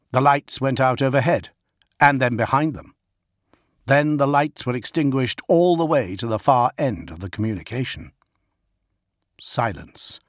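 A man narrating a dark war audiobook in a grave, steady voice, pitched at a plain middle level. The read is close and bone-dry, with no room around it. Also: no room sound. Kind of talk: dramatic scripted narration.

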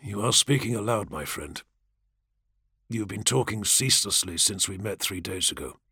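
A man voicing a patient, calm male zealot warrior in an audiobook, speaking low and steady. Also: normal speed, gravelly, breathy edge, dry recording, studio quality, heavily acted.

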